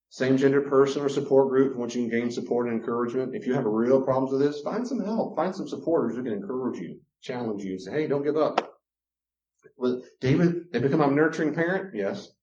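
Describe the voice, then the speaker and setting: A man's voice: medium pitch, fairly quick, darkish tone. A man teaching about relationships, acting out quoted voices and chuckling often. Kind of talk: teaching talk with acted-out examples. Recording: roomy, dull lo-fi recording.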